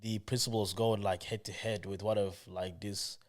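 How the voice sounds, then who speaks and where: A young man from Australia, co-hosting a podcast and retelling school memories in slangy, animated casual chat. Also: on the low side, moderate pace. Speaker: podcast co-host. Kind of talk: casual chat among friends.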